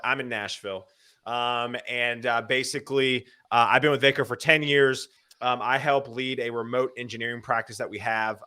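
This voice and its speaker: A man's voice: medium pitch, pushed and bright, clear, resonant tone. Upbeat, chatty male host. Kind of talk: live web show chat. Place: home in Nashville.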